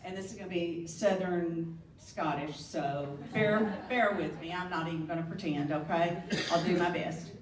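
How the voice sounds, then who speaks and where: At a Burns supper in a banquet hall, a woman with a lowish voice delivers a playful, teasing after-dinner toast at a moderate pace, laughing at her own jokes. It's recorded from far off in an echoey hall, with a crowd audible behind her.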